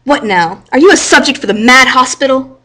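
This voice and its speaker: A woman reading the lines of a gruff male French wine-shop keeper, scolding a man with incredulous questions. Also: high-pitched, moderate pace, a bit bright.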